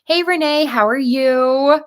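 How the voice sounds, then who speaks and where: A woman's voice: high-pitched, slow pace. A woman in her thirties hosting a book club livestream, bubbly and chatty, greeting viewers by name. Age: 30s. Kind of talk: casual livestream chat.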